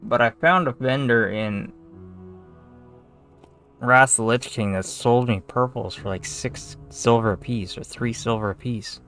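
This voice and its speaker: A man's voice: mid-range voice, unhurried, fairly bright tone, soft background music. A young man giving casual, swearing commentary as he plays a game, muttering to himself and getting easily aggravated. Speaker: gamer streamer.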